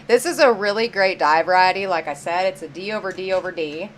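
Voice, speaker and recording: A woman's voice: fairly low pitch, a little fast, a little hiss or hum. A woman hosting a live-stream auction, chatty and upbeat, greeting viewers by name as she counts down bids.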